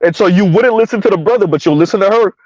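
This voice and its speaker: A man's voice: high voice, rapid-fire, darkish tone, dry recording, muffled recording. A man hosting a live stream in casual commentary, mocking and sarcastic as he answers his chat.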